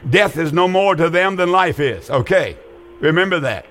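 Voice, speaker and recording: A man's voice: on the high side, lively intonation, normal speed, fairly bright tone. An older man hosting a call-in Bible radio show, earnest and folksy, often repeating his phrases for emphasis.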